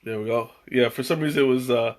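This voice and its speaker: A man's voice: medium pitch, quick pace. A man hosting a casual live stream over tea, rambling and chuckling, often trailing off mid-sentence. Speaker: livestream host tasting tea. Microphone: webcam.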